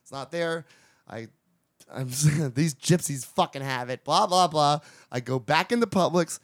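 A man's voice: on the high side, a little slow, no room sound. A man chats on a podcast in a small studio, his voice sitting a bit above the usual male range. He rambles through a long anecdote full of swearing, acting out quotes and breaking into laughter. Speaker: podcast host. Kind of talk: casual storytelling chat.

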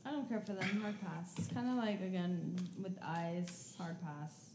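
A woman co-hosting a podcast in casual chat, speaking English as a second language, blunt and sweary and quick to laugh. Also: on the low side, fairly even intonation. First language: not English. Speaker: podcast co-host. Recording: echoey room, faint noise.

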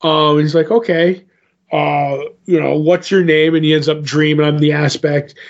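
A podcast co-host, a man with a somewhat high-pitched voice, talks through a comic book plot in a loose, rambling way. He keeps slipping into the characters' lines with "he's like" and "she's like." The recording sounds dull and lo-fi. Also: level tone, normal speed. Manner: rambling retelling, acts out quotes with "he's like". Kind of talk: casual comic book recap.

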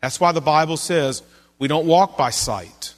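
A male pastor preaching a sermon in a church, earnest and conversational, sometimes dropping to soft, low passages. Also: a little slow.

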